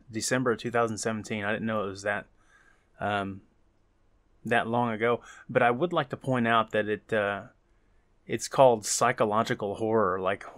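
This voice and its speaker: A man's voice: fairly low pitch, a bit bright, no room sound. Dry, sarcastic man hosting a game video. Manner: sarcastic, swears casually, many fillers. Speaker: gaming channel host. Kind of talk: casual game first-impressions commentary.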